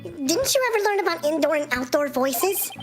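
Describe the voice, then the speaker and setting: A man's voice: extremely high pitch, expressive, moderate pace, over loud music, pitched above the performer's own voice. A man voicing an eager, flustered young woman lawyer in a live game dub. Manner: jumpy, flustered.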